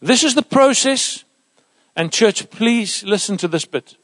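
Man, preacher, sermon, fairly high voice, long church reverb. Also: unhurried. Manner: animated, emphatic preaching with sudden soft asides.

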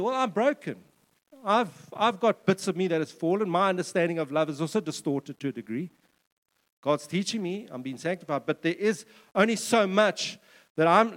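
A man's voice: on the high side, in a large hall. A man preaching a sermon in a conversational way, with joking asides and repeated words. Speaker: pastor.

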